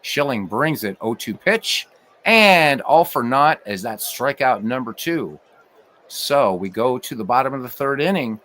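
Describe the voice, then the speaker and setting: A man calling play-by-play for a computer baseball game, chatting with viewers between pitches and with wry asides. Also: a little slow. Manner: lively, rising to shouts on big plays, wry asides. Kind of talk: solo play-by-play commentary with live chat.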